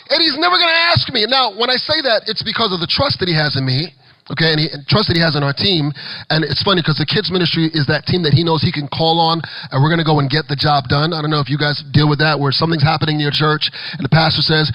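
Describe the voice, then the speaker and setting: A man giving an energetic, animated talk to children's ministry leaders as a children's pastor, with playful asides. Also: on the high side, fast talker, no room sound, rough recording. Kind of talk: conference workshop talk.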